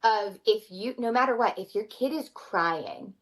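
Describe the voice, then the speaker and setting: A woman's voice: mid-range voice, a little slow, low-quality recording. Earnest woman sharing parenting advice. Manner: earnest, animated, acts out her kids' voices. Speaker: podcast guest, mother of four. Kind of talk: conversational interview.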